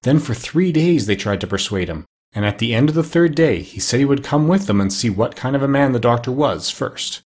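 A man narrating a children's storybook aloud in an expressive, measured reading. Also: medium pitch, slightly rough.

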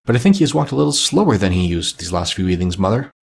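An earnest young son speaking plainly , read by a man for an audiobook. The voice is low and husky. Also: sing-song, rapid-fire, darkish tone, heavily acted. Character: earnest teenage Victorian son. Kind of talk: audiobook reading.

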